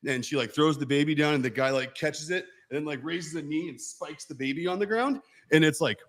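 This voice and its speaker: A man's voice: on the high side, a little fast, few pauses, fairly bright tone. A man co-hosting a casual chat, telling wry anecdotes. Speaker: co-owner and co-host.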